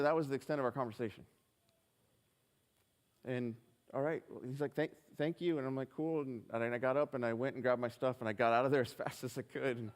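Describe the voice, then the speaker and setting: A man preaching a sermon, telling a personal story earnestly and acting out the dialogue with hesitant restarts. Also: mid-range voice. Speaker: pastor. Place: church hall. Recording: live stream in reverberant hall.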